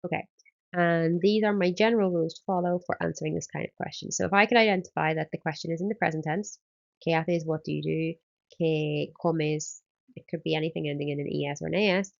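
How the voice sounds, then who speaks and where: A woman's voice: low voice, fairly even intonation, fast talker, creaky, muffled recording. A woman, a Spanish teacher, explaining exam answers step by step in a recorded lesson and often starting with um.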